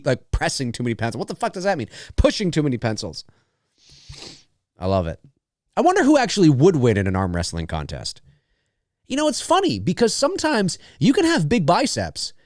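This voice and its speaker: A man with a higher-pitched voice hosts a live movie commentary, rambling chattily, laughing often and swearing freely. The sound is clean studio quality with no room sound.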